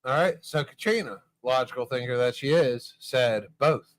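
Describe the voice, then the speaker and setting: A man's voice: medium pitch, normal speed, dry recording. Guy hosting a bar chat show, swears a lot, spins a long what-if story, dry close sound. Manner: profane, animated storytelling. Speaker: podcast host. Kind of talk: casual bar-show banter.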